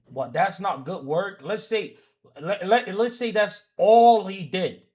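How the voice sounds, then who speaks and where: A man's voice: high-pitched, slow, a little mellow. A man streaming live, giving reaction commentary in heated, profane rants at viewers, with repeated oaths. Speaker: livestreamer.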